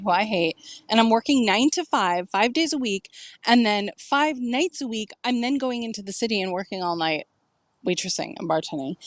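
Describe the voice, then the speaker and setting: A woman's voice: fairly high pitch, no room sound. A middle-aged woman telling a personal story to camera, candid and emotional, swearing freely and filling her talk with "like".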